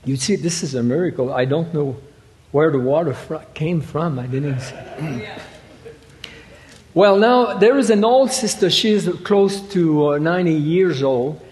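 Male preacher. Halting, stop-start delivery with emphatic peaks. Slightly raised pitch, echoing hall. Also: lively intonation, darkish tone. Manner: halting, repeats words, rises to emphatic quoting. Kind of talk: sermon. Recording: reverberant hall.

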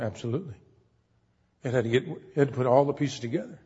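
A man's voice: medium pitch, steady tone, fast, a little mellow, husky. A man preaching an earnest, folksy sermon, acting out the people he quotes. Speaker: pastor. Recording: dull recording in a hall with long reverb.

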